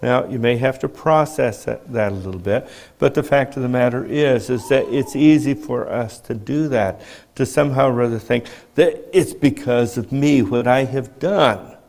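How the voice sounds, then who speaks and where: A man preaching a sermon in a measured teaching tone, asking rhetorical questions as he explains. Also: mid-range voice, creaky, darkish tone.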